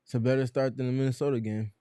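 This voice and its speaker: Calm, mellow-voiced man co-hosting a watch-along. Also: medium pitch, clear, resonant tone, no room sound, clean studio sound. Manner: calm, measured analysis. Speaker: co-host. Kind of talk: live game watch-along chat.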